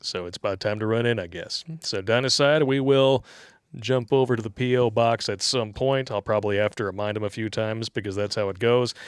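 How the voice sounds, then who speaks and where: A man's voice: lowish voice, steady tone, brisk, smooth, no echo, clean studio sound. A man co-hosting a casual livestream, reading donor messages aloud and making crude jokes that he laughs at himself. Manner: crude joking, reads tips aloud, laughs at own jokes.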